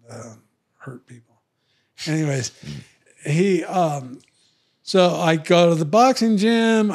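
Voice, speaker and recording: A man's voice: on the high side, a little mellow. A man telling a long story in casual podcast chat, acting out other people's lines in raised voices. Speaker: podcast guest, retired fighter.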